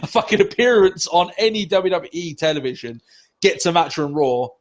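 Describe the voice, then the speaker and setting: A man on a casual podcast, ranting and swearing with heavy sarcasm. His voice sits a touch high and swings widely in pitch as he gets worked up. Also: expressive, normal speed. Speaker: podcast co-host.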